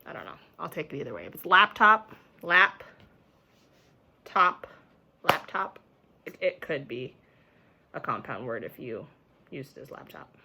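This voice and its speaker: A young woman gives a video phonics lesson to small children, sounding words out with patience. Her voice is bright and clear and sits a little low. She takes her time, speaking slowly into a camera mic at home. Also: very animated. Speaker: teacher.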